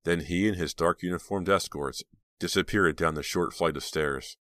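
A man narrating an audiobook in a steady, measured storytelling manner. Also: sits low, no echo, clean studio sound. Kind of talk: scripted narration.

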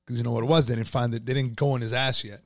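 A man's voice: medium pitch, steady tone, very fast, gravelly, dry recording, clean studio sound. A man telling his own story in a casual, profane, streetwise way, full of "like" and "you know".

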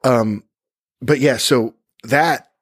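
A man's voice: mid-range voice, very slow, dry recording, studio quality. A man co-hosting a casual true-crime podcast who rambles, stumbles over words and corrects himself as he goes. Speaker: podcast co-host.

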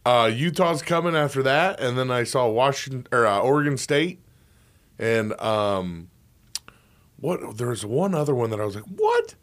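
Animated sports radio co-host, man. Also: medium pitch, normal speed. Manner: animated, excitable. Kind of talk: casual sports radio chat.

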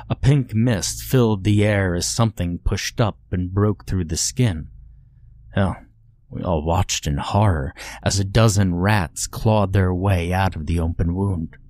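A man with a very deep voice reads a horror story aloud in a measured, grim way. He delivers the narration steadily and deliberately, giving each line a dark weight. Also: no room sound.

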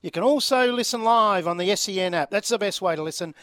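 High-voiced Australian radio sports host. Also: male voice, fast talker, a bit bright. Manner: enthusiastic, effusive with praise. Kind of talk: casual radio sports chat.

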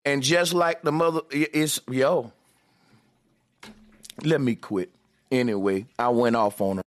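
A man's voice: mid-range voice, unhurried, no echo. A man in a played talk-show clip, arguing bluntly and confrontationally with a mocking edge. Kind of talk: heated talk-show argument.

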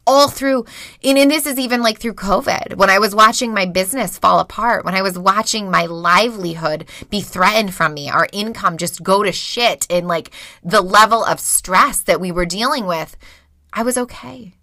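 A woman's voice: mid-range voice, moderate pace, bright, forceful tone, no echo, clean studio sound. A woman in her thirties talking frankly and emotionally to listeners, swearing freely, recorded in a small closet at home. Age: 30s. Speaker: podcast host. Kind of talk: candid personal monologue.

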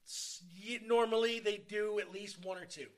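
A man's voice: sits high, steady tone, moderate pace. A man hosting a casual podcast chat, loose and profane, laughing easily. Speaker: podcast host.

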